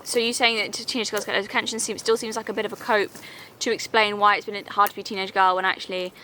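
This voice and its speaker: A woman's voice: mid-range voice, level tone, fast talker, pushed and bright, a little hiss or hum. A woman vlogger talking straight to camera in a rambling, exasperated way, full of fillers and restarts, answering comments. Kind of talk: casual vlog chat.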